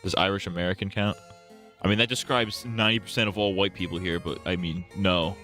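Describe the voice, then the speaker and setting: A male streamer with a lowish voice riffs casually through a live game session. He jokes crudely and swears freely, with faint music playing underneath. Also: steady tone, brisk, sharp tone. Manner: crude, joking, riffing with frequent laughs and swearing.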